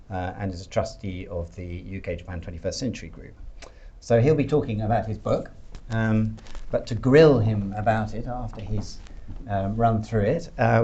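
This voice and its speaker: A man's voice: lowish voice, darkish tone, highs cut off. A man hosting a talk, introducing the guest speakers formally with frequent ums and uhs. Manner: hesitant, frequent um and uh fillers. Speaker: event host introducing speakers.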